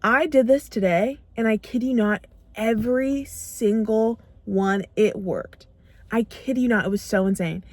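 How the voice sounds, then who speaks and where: A young woman talks straight to camera about self-belief, hammering her points home with repeated short phrases. Her voice sits a little high, and the recording is dry and close with no room echo. She often slips into acting out her own inner voice in quotes. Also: measured pace, darkish tone. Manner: emphatic, repeats phrases for punch. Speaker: self-growth vlogger. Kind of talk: motivational talk to camera.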